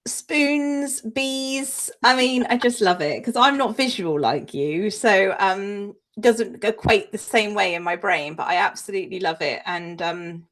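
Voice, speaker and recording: A woman's voice: medium pitch, unhurried, few pauses, fairly bright tone. A woman co-hosting a casual podcast, chatty and self-deprecating, laughing easily. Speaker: podcast co-host. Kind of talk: casual chat.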